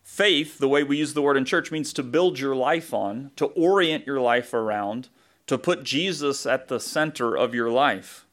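A man's voice: medium pitch, unhurried, fairly bright tone. A man with a Southern US accent, a pastor preaching a conversational sermon, thinking aloud with asides and self-corrections.

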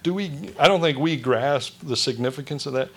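A man's voice: medium pitch, moderate pace, husky. A male pastor giving a conversational sermon, joking and asking the congregation questions.

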